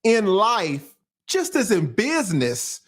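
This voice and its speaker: A man's voice: high voice, huge pitch swings, slow pace. A man from Atlanta, hosting a casual, profane livestream commentary, often laughing. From Atlanta, USA. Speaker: YouTube commentary host.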